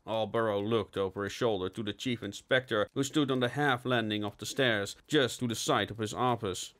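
A man narrating a steampunk novel in a measured storytelling manner. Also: on the low side, fairly bright tone. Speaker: audiobook narrator. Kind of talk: scripted narration.

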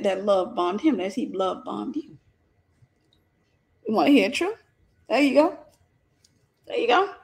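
Woman, Southern accent, Christian teacher, fry in the voice, slightly high, emphatic, folksy. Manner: emphatic and repetitive, folksy and joking. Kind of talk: preachy informal lesson.

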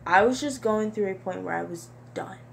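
Young woman with gravelly fry, halting. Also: mid-range voice, slight background noise. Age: young adult. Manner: halting and repetitive, soft-spoken. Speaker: vlogger. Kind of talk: confessional monologue to camera.

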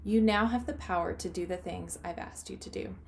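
A woman voicing a gentle, calm grown man while reading a children's storybook aloud. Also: lowish voice, a little fast, vocal fry, slight background noise.

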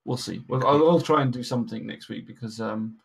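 Gravelly man rambling through a sign-off. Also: mid-range voice, brisk, low-quality recording. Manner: rambling, many ums and restarts. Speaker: dungeon master and stream host. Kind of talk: casual stream sign-off chat.

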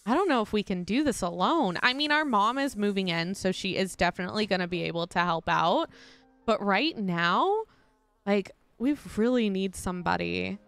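A woman's voice: medium pitch, lively intonation, normal speed, creaky, fairly bright tone, smooth, soft background music. A young woman chatting casually to viewers while playing a life-sim game, giggly and talkative. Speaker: gaming YouTuber. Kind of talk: casual let's-play commentary.

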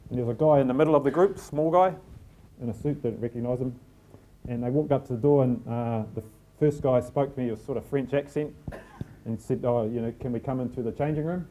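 Relaxed New Zealand man telling stories. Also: mid-range voice, a little fast, a little hiss or hum. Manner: relaxed storytelling, self-deprecating humour. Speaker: team manager giving a talk. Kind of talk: live talk to an audience. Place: packed function room.

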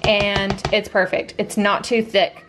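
A woman's voice: mid-range voice, little pitch movement, takes it slowly, a bit bright, faint music behind. A woman and mother casually talking through her cooking step by step in a home kitchen vlog. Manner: chatty, talks through each cooking step. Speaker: vlogger and mother.

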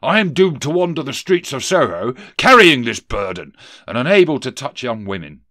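A man's voice: medium pitch, very animated, normal speed, no echo, clean studio sound, voice pushed up. A man playing a blustering chained ghost. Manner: blustering, stammering, loud. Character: bumbling pompous male ghost in chains.

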